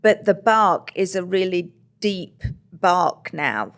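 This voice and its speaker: A woman co-hosting a podcast, chatting casually and telling animated stories about her dog. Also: on the low side, slow pace. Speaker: podcast co-host. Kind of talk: casual chat.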